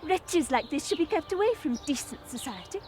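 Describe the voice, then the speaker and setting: A woman's voice: high voice, sing-song, a little fast, darkish tone. A woman voicing a girl who poses as a prissy, affected upper-class lady. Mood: haughty. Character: slum girl posing as a prissy posh lady. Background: music.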